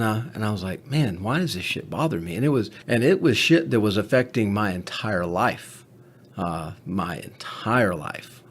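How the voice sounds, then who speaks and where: A man's voice: fairly low pitch, fairly bright tone. A man who is a paramedic, telling candid stories in a podcast conversation, blunt and profane. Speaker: paramedic co-host.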